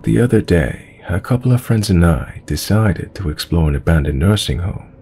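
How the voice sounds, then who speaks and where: Male horror narrator with a low, gravelly voice and a calm, measured read. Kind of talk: scripted horror story narration.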